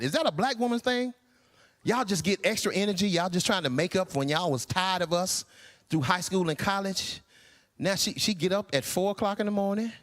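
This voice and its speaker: A man in his sixties performing a stand-up comedy routine, incredulous and animated. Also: sits high, long reverb tail. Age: 60s. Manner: animated, incredulous, acts out voices. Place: church hall stage.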